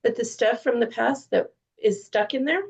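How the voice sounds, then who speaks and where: A woman's voice: a little high, moderate pace, gravelly. A woman in a casual book group discussion, thinking aloud earnestly.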